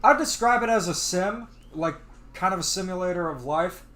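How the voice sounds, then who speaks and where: A man's voice: high-pitched, moderate pace, bright, forceful tone. A man hosting a gaming livestream, chatting casually and laughing as he plays and comments.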